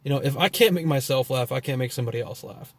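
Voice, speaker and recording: A man's voice: mid-range voice, quick pace. A man from Texas with a Texan accent, telling loose, profane stories full of fillers and trailing thoughts. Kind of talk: rambling storytelling monologue.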